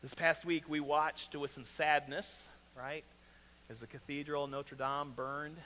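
A man with a Southwest Missouri accent preaching a sermon as pastor, earnest, often repeating a question and dropping to a quiet, pressing tone. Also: on the high side, flat delivery, measured pace. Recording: reverberant hall, faint hum.

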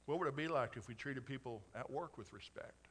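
A middle-aged pastor from Colorado with a slight Oklahoma twang, preaching conversationally and climbing to emphatic peaks. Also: male voice, mid-range voice, fairly quick, fairly bright tone, breathy edge. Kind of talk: sermon.

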